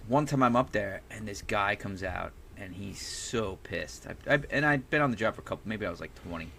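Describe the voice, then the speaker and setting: A man's voice: lowish voice, animated, a little fast, gravelly, bright, forceful tone, a little hiss or hum. A man in casual chat telling a blunt, rambling anecdote and swearing freely.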